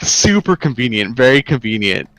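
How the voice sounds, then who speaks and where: A man in casual chat as guest host, rapid with stammering restarts. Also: medium pitch, very animated, a bit bright, dry recording, poor audio.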